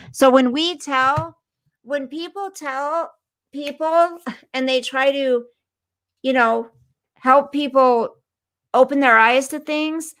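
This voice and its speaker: A woman's voice: on the high side, a bit bright, clear, resonant tone, dry recording. A woman hosting a casual livestream, ranting indignantly, swearing, and reading news aloud to her viewers. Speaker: livestream host.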